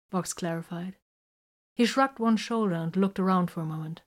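A woman reading a science-fiction story aloud in a steady, even storytelling manner. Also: fairly low pitch, brisk. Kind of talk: audiobook narration.

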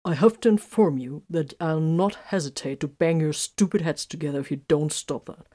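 A woman voicing a calm, dry soldier. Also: low-pitched, moderate pace. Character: calm male warrior tech soldier, dry and unflappable.

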